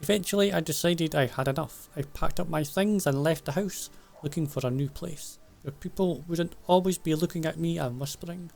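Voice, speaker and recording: A man reading game dialogue aloud as a proud male dwarf smith who is stern about family honour, in an earnest, measured way. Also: fairly high pitch, gravelly, a little mellow, faint music behind.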